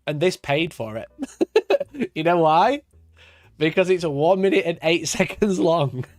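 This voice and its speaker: A man's voice: a little high, a little slow, dry recording, clean studio sound, soft background music. A man from Sheffield with a Yorkshire accent, chatting casually on a live stream, swearing and laughing often as he rants. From Sheffield, Yorkshire, England. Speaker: wargaming streamer.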